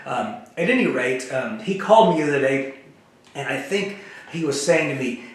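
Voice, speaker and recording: Rambling deadpan man in an echoey room. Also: mid-range voice. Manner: rambling, deadpan, jumps between topics; halting, many fillers and restarts. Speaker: host. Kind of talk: rambling comedic monologue to camera.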